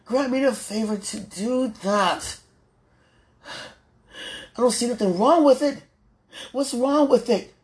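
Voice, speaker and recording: A woman speaking an emotional prayer out loud, pleading and tender, repeating her phrases. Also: on the high side, slow, long pauses, breathy edge.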